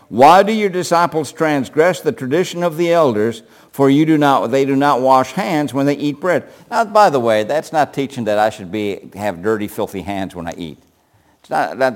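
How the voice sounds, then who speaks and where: An older man with a mid-range voice preaches a sermon full of rhetorical questions, swinging between loud emphasis and quiet asides.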